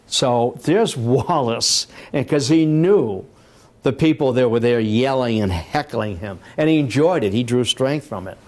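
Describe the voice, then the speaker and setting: A man's voice: medium pitch, normal speed. A man giving a public history lecture in a library, telling it conversationally with frequent restarts and repeated words. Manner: conversational storytelling with many restarts.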